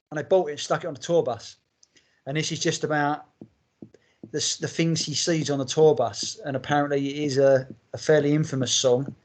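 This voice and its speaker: A man hosting a music podcast, rambling enthusiastically and swearing freely as he talks. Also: mid-range voice. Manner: rambling, heavy swearing, enthusiastic fan talk. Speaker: podcast host. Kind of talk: casual chat.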